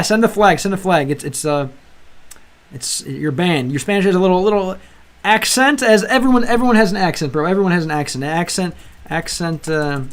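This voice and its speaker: A young man hosting a language-learning livestream, chatting casually with viewers and rambling with lots of restarts. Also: high-pitched. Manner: rambling, restarts often, calls viewers bro. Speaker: livestream host. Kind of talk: casual chat with live chat.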